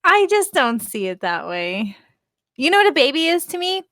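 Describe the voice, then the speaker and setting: Woman, thirties, co-host, rambling casual chat, higher pitch, dry sound. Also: very animated, normal speed, fairly bright tone, no room sound. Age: 30s. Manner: chatty, rambling, laughs often, many fillers. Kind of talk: casual live-stream chat.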